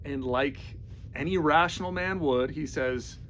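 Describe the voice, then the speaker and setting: A man's voice: on the high side, a little slow, fairly bright tone, a little hiss or hum. A man giving sarcastic, casual movie commentary in a mocking, slangy, exasperated way. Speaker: movie reviewer.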